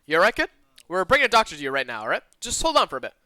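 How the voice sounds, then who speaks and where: A man voicing a bunch of rough, panicky male kidnappers in a game story, pushing his voice up and straining it. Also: sits high, huge pitch swings, very fast, sharp tone, no echo, clean studio sound, heavily acted. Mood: worried.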